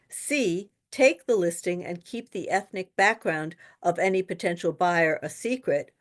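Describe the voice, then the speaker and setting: A woman tutoring for a real estate exam in a webinar, talking casually and telling lively stories with quoted dialogue. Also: fairly low pitch. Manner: chatty, animated storytelling with quoted dialogue. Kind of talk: webinar lesson with anecdotes.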